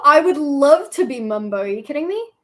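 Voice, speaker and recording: A woman's voice: high-pitched, big pitch swings, a little fast, fairly bright tone. A young woman streaming live in casual chat, playful and laughing often.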